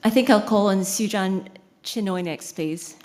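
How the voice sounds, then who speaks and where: A woman's voice: medium pitch, a little slow, a little mellow. A woman moderating a conference session, briefly and politely calling on speakers. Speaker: session chair. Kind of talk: moderating a panel.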